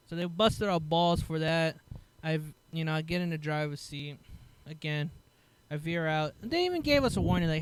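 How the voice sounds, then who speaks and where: A man's voice: a little high, moderate pace, few pauses, clear, resonant tone. A man telling a story in casual chat, swearing often and acting out what other people said. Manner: animated, swears a lot, laughs, acts out other people's lines. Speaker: podcast host telling a story.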